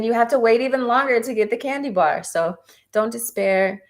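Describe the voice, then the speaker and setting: Woman, tarot reader on a live stream, encouraging and chatty, with a voice that has a gravelly edge. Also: a little high, moderate pace.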